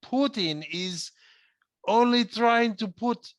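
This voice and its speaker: A man's voice: high voice, monotone, moderate pace, vocal fry, a bit bright, no echo, highs cut off, voice pushed up. A man voicing a blustering male Russian sympathizer with a thick put-on Russian accent, scolding the listener. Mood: indignant. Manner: indignant, lecturing.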